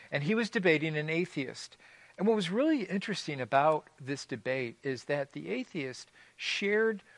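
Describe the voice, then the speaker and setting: A man's voice: fairly high pitch, a bit bright, no echo. A man preaching a sermon as pastor, telling stories in a conversational way with light humor and often restarting phrases. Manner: repeats words as he restarts phrases.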